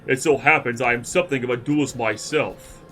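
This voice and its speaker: A man's voice: mid-range voice, a little fast, bright, forceful tone, soft background music, lightly acted. A man with a cold voicing a swaggering, boastful male duelist in grand, old-fashioned speech. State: congested with a cold.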